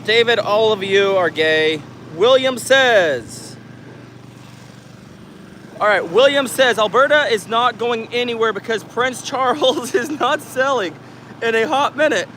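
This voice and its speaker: A man's voice: extremely high pitch, expressive, measured pace, sharp tone, slight background noise. A man from the United States hosting a live stream, joking and laughing as he reads viewer comments aloud, recorded on a handheld camera outdoors. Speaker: livestream host reading chat. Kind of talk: casual live chat. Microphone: handheld camera mic.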